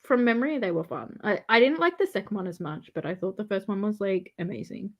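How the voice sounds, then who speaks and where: A woman co-hosting a casual chat, animated and teasing, laughing often. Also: medium pitch, quick pace. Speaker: podcast co-host.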